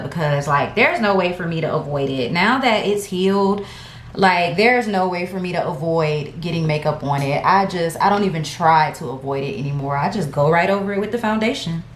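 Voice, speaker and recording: A woman's voice: fairly low pitch, a little fast, reverberant, slight background noise. A woman beauty vlogger, chatting casually and slangily to her viewers at home. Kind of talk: casual get-ready-with-me chat.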